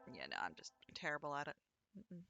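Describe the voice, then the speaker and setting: A woman's voice: deep voice, very animated, fairly quick, bright, forceful tone, dull audio, faint music behind. A young adult woman chatting casually over a game, rambling into stories. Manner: chatty, rambling anecdotes with acted quotes. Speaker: let's play streamer. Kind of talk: casual gameplay commentary.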